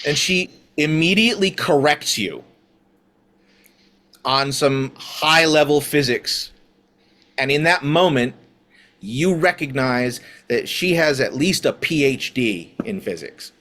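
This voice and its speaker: A man narrating as game master of a tabletop game, halting with many fillers. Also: a little high, lively intonation, a bit bright.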